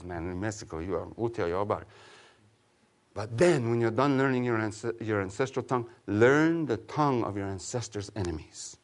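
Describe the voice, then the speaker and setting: A man giving an informal public talk to an audience, an animated storyteller who jokes and urges his listeners with a preacher's insistence. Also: medium pitch. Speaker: author and teacher giving a talk.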